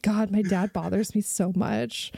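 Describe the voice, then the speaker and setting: A woman's voice: mid-range voice, fairly even intonation, a little slow, gravelly, warm tone, breathy edge, dry recording. A bragging, self-pitying space soldier who keeps moaning about his dad, as a woman sends him up in her own voice. The delivery is dry and close, with no room sound. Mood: mocking. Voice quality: mocking, whiny, bragging. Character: smug muscle-bound male space soldier whining about his dad.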